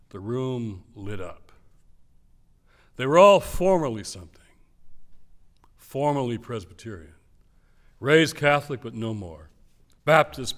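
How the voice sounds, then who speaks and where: Older man telling stories in a lecture. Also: medium pitch. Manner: animated storyteller, acts out quoted voices with swings in loudness. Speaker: speaker giving a lecture. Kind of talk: public lecture with storytelling.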